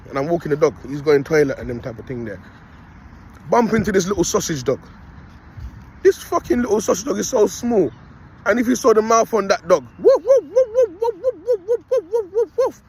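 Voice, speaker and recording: A young man talks in a rambling, preachy monologue. His voice sits fairly high and sounds husky. He keeps circling back with slang tags. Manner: rambling, street slang, repeats "you get me". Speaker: self-styled prophet vlogger.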